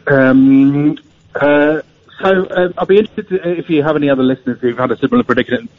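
A man's voice: on the high side, animated, fast. Hesitant male radio caller. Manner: hesitant, many ums, earnest. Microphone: headset on a tablet. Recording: dull lo-fi phone-in audio.

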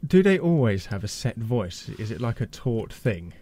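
A man visiting a radio studio as a guest, quiet and curious, chuckling along. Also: medium pitch, big pitch swings, normal speed. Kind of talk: casual radio chat.

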